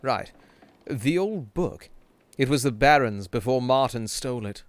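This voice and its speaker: A man's voice: medium pitch, clear, resonant tone. A man streaming a game live, joking and swearing while reading the game text aloud. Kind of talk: casual live-stream gaming chat.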